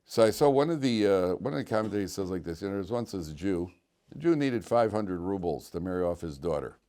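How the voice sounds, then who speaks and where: Animated rabbi teaching a casual class. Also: male voice, sits low, brisk. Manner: conversational, animated, repeats words when thinking. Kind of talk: informal Torah lesson with storytelling. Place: classroom with students.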